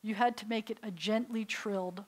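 In this poor-quality audio, a middle-aged woman speaks at normal speed with a medium pitch and fairly even intonation. She is a rabbi giving a classroom lecture in beginners' Hebrew to adults at a synagogue, telling stories and posing questions to the learners.

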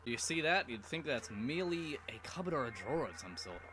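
A man's voice: mid-range voice, big pitch swings, quick pace. A young man giving casual, rambling gameplay commentary full of swearing and mumbled asides. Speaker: let's play gamer. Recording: game music loud behind voice. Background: game music.

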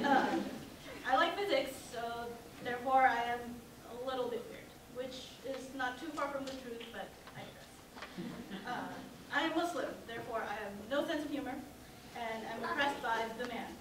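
A woman's voice: fairly high pitch, normal speed. A young woman giving a personal talk at a student event, humorous and sarcastic, poking fun at herself. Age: young adult. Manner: humorous, self-mocking, sarcastic. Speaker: student speaker. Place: lecture hall at a campus event. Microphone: not using the mic. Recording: very echoey hall, distant from mic, noisy.

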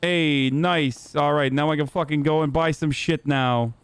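A man streaming a game live, profane and excitable, talking to his chat and to other players. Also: on the high side, measured pace, clear, resonant tone, dry recording.

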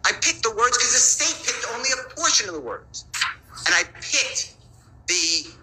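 A man's voice: very high voice, sing-song, moderate pace, bright, forceful tone, echoey room, rough recording. A man arguing as a defense attorney before a judge. He is insistent and pleading, and he keeps repeating his points. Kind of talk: courtroom argument to a judge. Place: courtroom.

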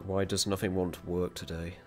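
Guy streaming games, lowish voice, dry grumbly chat, faint music underneath. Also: flat delivery, a little fast, a little mellow. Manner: grumbling, wry, chatty. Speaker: streamer host. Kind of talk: casual gaming stream chat.

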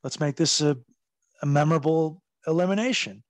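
A man in his forties recounts his wrestling days in a loose, meandering way, peppering his talk with "like" and "you know" and plenty of swearing. His voice sits slightly high for a man. The recording is dry and close, with no room echo. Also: normal speed. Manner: rambling, profane, full of fillers. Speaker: guest, former wrestler. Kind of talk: casual storytelling interview.

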